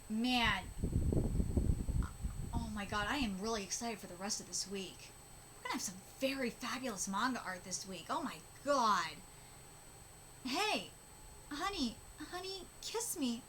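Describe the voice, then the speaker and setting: A woman streaming a live manga reaction, talking emotionally with halting restarts. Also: medium pitch, background noise.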